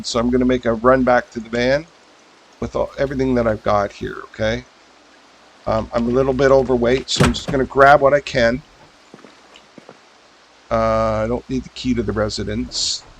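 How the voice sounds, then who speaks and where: A man gives casual commentary on a survival game he is streaming, talking to himself as he sorts his gear. He fills his sentences with ums and half-starts. His voice sits at a mid pitch, with a faint hiss of rain behind it. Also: low-quality recording. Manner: thinks aloud, mumbling fillers while sorting items.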